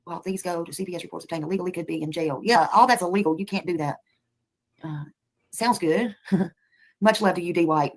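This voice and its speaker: A woman's voice: fairly low pitch, a little fast, pauses often. A woman with a drawl talks heatedly into her livestream mic, circling back to the same complaints. She says the same phrases again and again, stopping to thank viewers before she picks the rant back up. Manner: heated, repetitive, thanking viewers between outbursts.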